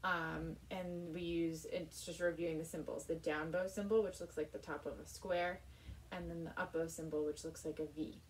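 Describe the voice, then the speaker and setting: A woman's voice: deep voice, level tone, moderate pace, a little hiss or hum. A woman giving a music lesson, explaining patiently in a casual teaching manner. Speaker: cello teacher. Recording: from a distance with cello playing.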